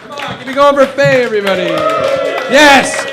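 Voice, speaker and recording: Very high voiced guy emceeing the open mic, hyping the crowd, audience loud behind him. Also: racing, over music. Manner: upbeat, hypes the crowd. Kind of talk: emceeing a comedy night. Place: comedy club stage.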